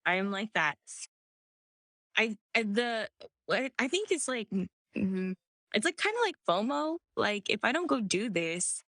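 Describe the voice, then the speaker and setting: A woman's voice: medium pitch, a bit bright, no room sound, studio quality. A woman guest on a podcast, talking casually and using 'like' as a filler again and again. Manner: chatty, heavy use of 'like' as filler. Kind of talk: casual conversation.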